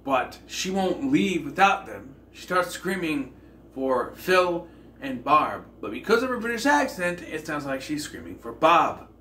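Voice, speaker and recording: A man's voice: fairly high pitch, very animated, unhurried, bright, forceful tone, far from the mic. A man hosting a casual film review, talking in a rambling, conversational way with lots of fillers and self-corrections. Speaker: film reviewer, channel host. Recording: echoey room with faint ambient noise.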